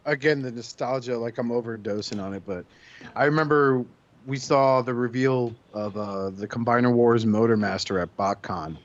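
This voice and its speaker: A man's voice: medium pitch, moderate pace. Guy rambling on a podcast, cusses a bunch, kinda muffled lo-fi audio. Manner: rambling, swears freely. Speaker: podcast host. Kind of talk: casual chat. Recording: dull lo-fi sound.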